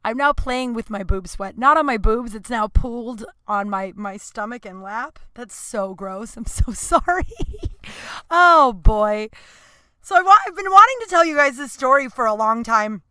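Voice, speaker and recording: A bright, clear-toned woman in her thirties rambles through a casual podcast monologue, leaning on fillers and laughing at herself. She is recorded close and dry in a small closet at home, with no room sound around her. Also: on the high side, animated, normal speed, few pauses, no room sound. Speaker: podcast host.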